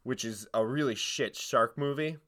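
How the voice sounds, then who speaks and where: Bright-voiced rambling young podcast host. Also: male voice, mid-range voice, moderate pace. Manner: rambling, self-interrupting, giggly. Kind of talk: casual podcast chat.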